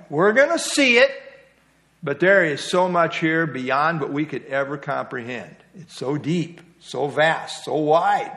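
A man's voice: fairly high pitch, fairly bright tone. A middle-aged man teaching an evening Bible study in a conversational way, asking his listeners questions. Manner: conversational, asks the group questions.

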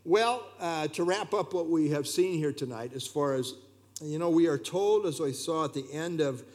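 A man's voice: a little high, expressive, normal speed, darkish tone. A man preaching a sermon emphatically and repeating his key phrases.

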